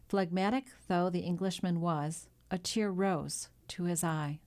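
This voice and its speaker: A woman narrating a classic novel in a measured, even storytelling delivery. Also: on the low side. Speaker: audiobook narrator. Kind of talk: scripted narration.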